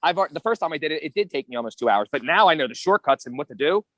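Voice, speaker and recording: A man's voice: a little high, animated, racing, a bit bright, no echo. A man who coaches kids' wrestling, co-hosting a podcast in casual chat with brash, swearing banter.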